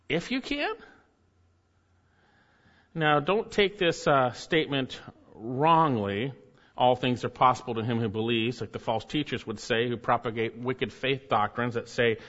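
A man preaching a sermon, emphatic, his voice climbing high when he reads quoted lines. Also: a bit bright, long reverb tail, lo-fi sound. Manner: emphatic, rises sharply when reading quotes. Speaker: pastor.

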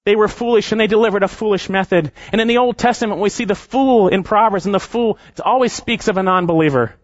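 A man preaching an expository sermon, emphatic, slowing down and dropping his voice at the ends of phrases. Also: high-pitched, no echo, highs cut off. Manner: emphatic preaching with slowed, falling phrase endings. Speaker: pastor.

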